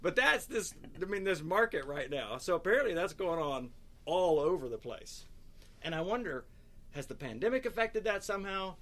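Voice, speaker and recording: A man in his fifties hosting a relaxed podcast conversation. He tells stories with animated energy, and his bright voice sits a little high for a man. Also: moderate pace. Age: 50s. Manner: lively storyteller, chuckling, animated asides. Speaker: podcast host and speaker. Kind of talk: casual podcast chat.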